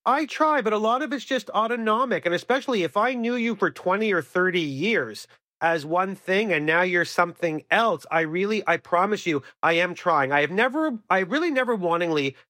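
Guy on radio giving blunt opinions, bright slightly high voice, dry close mic. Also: animated, normal speed, dry recording. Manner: earnest, emphatic, opinionated. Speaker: radio co-host. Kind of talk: opinionated radio advice chat.

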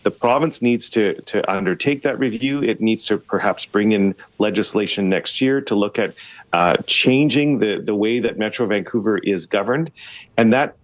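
A man's voice: fairly low pitch, moderate pace, no room sound, muffled recording. A man, a city councillor as a radio guest, arguing his points with emphasis and repetition. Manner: emphatic, argumentative, repeats for stress. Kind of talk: radio interview by phone.

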